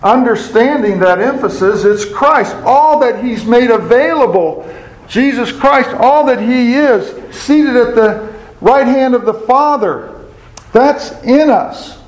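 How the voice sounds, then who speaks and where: A man's voice: very high voice, animated, slow, low-quality recording. A man giving a sermon as a Bible teacher, asking his listeners questions, answering them himself and repeating key words for emphasis.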